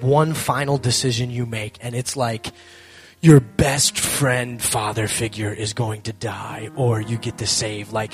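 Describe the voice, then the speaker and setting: A young man speaking to a live audience, telling a lively story with self-mocking humor and acting out both sides of the conversation. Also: fairly high pitch. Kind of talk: animated storytelling talk.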